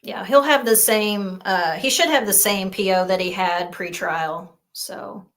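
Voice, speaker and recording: A woman's voice: medium pitch, a little slow, a bit bright. A woman appearing as a guest on an interview podcast, speaking candidly and a bit hesitantly. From United States. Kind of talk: conversational interview.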